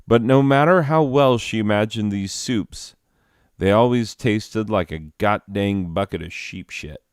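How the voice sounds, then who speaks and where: Young male comic, low and unhurried, smooth clear tone. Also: no room sound, studio quality. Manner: rambling with asides and fillers. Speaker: comedian. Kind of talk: deadpan storytelling comedy.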